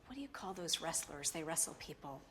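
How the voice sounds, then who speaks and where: Lively woman actor telling stories. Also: sits low, fairly quick, slight background noise. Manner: animated storyteller, acts out quoted voices. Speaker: actor guest. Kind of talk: casual chat. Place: restaurant.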